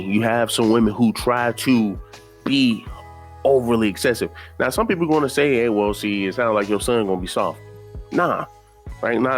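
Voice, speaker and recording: A man hosting a casual reaction commentary video, opinionated and repetitive, often adding "man" to his points. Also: mid-range voice. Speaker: commentary YouTuber.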